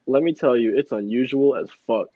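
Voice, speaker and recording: A man's voice: mid-range voice, a little fast, no echo. A man chatting as a rapper on a podcast, laid-back and full of slang, laughing often. The room is dry and dead. The recording is dull and lo-fi. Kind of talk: casual chat.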